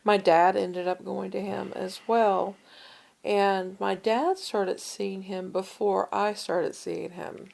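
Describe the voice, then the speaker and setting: Co-host, woman, gravelly voice, casual storytelling chat. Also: medium pitch, slow. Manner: storytelling, animated when quoting others. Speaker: podcast co-host.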